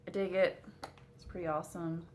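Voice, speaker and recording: A woman with a low voice chats casually to her camera at home, her talk full of fillers. She has the hiccups now and then. Faint noise hums under the recording. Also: little pitch movement, a little fast. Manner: chatty, with frequent fillers. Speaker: cross-stitch vlogger.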